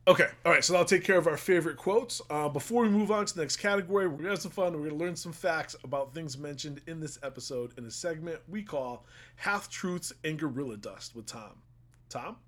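A man hosting a casual podcast discussion, laughing often and getting animated when quoting lines. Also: on the high side, quick pace, hardly any pauses. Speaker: podcast host. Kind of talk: casual chat.

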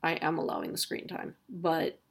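A woman's voice: deep voice, very animated, moderate pace, gravelly. A woman in her thirties talking casually about parenting, with lots of fillers and restarts. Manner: chatty, many fillers and self-corrections. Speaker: parent sharing advice. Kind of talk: casual monologue.

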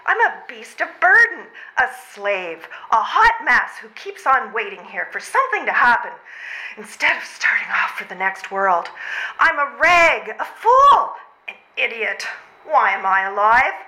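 A woman's voice: a little high, big pitch swings, unhurried, sharp tone, heavily acted. A woman plays a worn-out, frantic mother and civil servant in a live stage comedy reading, overwrought, sighing and out of breath. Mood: despairing. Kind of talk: readers' theatre stage comedy. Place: old train station before a live audience. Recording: roomy hall sound.

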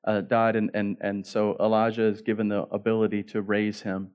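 A man's voice: on the low side, completely flat delivery, normal speed, clear, resonant tone, dull audio. A man pastor preaching a sermon in a casual, joking way, acting out the story as he goes. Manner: casual, joking preacher who acts out the story in quoted voices.

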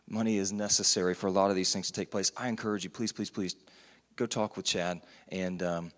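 A man preaching a sermon in a church, earnest and conversational with frequent restarts. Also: fairly low pitch. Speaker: pastor. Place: church sanctuary. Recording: long church hall reverb.

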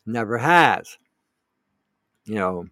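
A man hosts a show, answering a listener's question in a blunt, rambling, opinionated monologue, emphatic and full of profanity. His fairly low voice is bright and forceful, very animated yet extremely slow. The recording is studio quality with no room sound.

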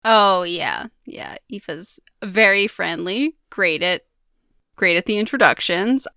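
A woman playing a tabletop game in character, hesitant and halting, restarting her phrases. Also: mid-range voice, animated, pushed and bright, dry recording, clean studio sound. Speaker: player.

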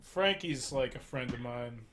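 A man co-hosting a call-in show, dropping deadpan jokes. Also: medium pitch, a little slow, noisy background. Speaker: radio show co-host.

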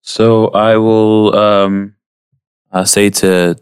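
A man playing a tabletop game, speaking in a halting way with many fillers. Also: on the low side, little pitch movement, clean tone, no echo. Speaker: player. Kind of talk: casual tabletop game play.

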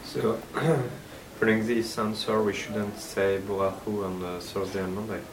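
A man in a study class, hesitant, clearing his throat as he asks a question. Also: fairly low pitch, little pitch movement, a little slow, a little hiss or hum, poor audio.

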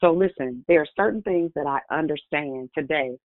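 Soft-spoken woman hosting a phone prayer call. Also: deep voice, normal speed, no room sound. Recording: tinny phone line.

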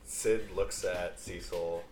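A man's voice: low-pitched, fairly even intonation, slow pace, darkish tone, slight background noise. A man playing a tabletop game, laid-back and amused as he describes what his character does. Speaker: player. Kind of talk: casual tabletop play.

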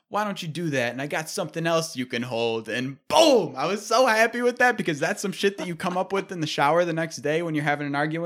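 A young man telling a comedic story and ranting, profane and animated, often laughing. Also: mid-range voice.

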